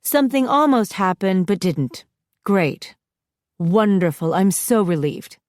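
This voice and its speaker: A woman's voice: mid-range voice, lively intonation, measured pace, darkish tone, no echo, clean studio sound, lightly acted. A woman narrator voicing a stern, weary mother who is firm and sarcastic with her teenage daughter.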